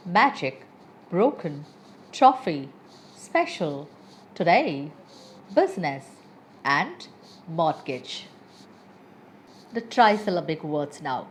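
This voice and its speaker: Female teacher, slow and expressive, lesson on word stress. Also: on the low side, slight background noise. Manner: slow, careful, reads example words twice. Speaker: English teacher. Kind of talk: pronunciation lesson.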